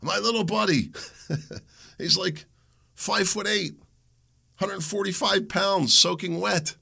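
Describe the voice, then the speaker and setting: A middle-aged man, hosting a solo show and ranting in a heated, combative way that climbs into shouts. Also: high-pitched, slow pace, creaky, husky. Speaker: podcast host. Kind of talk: opinionated solo monologue.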